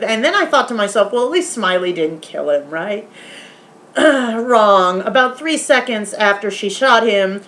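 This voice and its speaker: A woman in a casual vlog, retelling a horror film's ending in animated detail, swearing often and now and then softly talking aside to her pet. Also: medium pitch. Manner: animated, swearing, retelling scenes with quoted voices. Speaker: vlogger. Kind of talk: casual movie review vlog.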